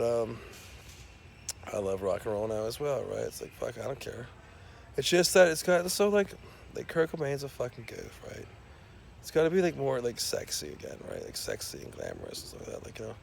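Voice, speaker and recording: Gravelly man in a rambling rant. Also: medium pitch, animated, a little fast, slight background noise. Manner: profane, filler-heavy, rambling. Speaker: self-described scientist.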